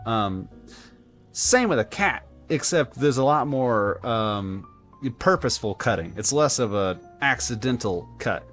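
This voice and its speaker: A man live-streaming a game, telling a rambling story in an animated, casual way with lots of filler words. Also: medium pitch, measured pace, faint music behind. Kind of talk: live-stream gameplay chat.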